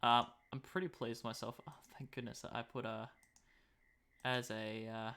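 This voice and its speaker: A man's voice: mid-range voice, flat delivery, moderate pace, pushed and bright, smooth. A young Australian man chatting casually on a live stream as he makes a map, muttering to himself and poking fun at himself.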